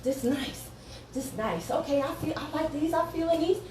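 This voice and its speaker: A smug male celebrity admiring his new sneakers in a low, pleased murmur, as a woman imitates him. The voice sits high, as a woman's does. It is heard from a distance in a roomy, echoing space with faint noise behind. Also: normal speed, close to an everyday voice. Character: famous male singer trying on sneakers, smug.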